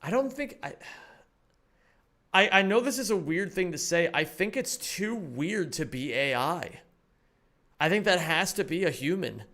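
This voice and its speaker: A man reacting on a live stream, animated and thinking aloud with casual swearing. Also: high-pitched, measured pace.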